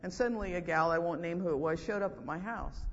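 A man giving a sermon as a school chapel speaker, telling stories in an animated way and acting out what people said. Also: on the high side, fast. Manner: animated storytelling with acted-out quotes. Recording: dull lo-fi hall recording.

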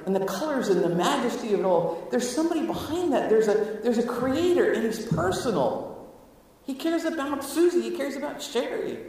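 A man preaching a sermon to his congregation, animated, moving between hushed asides and loud exclamations. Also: high-pitched. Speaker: pastor. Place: church sanctuary. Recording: echoey hall, mic at a distance.

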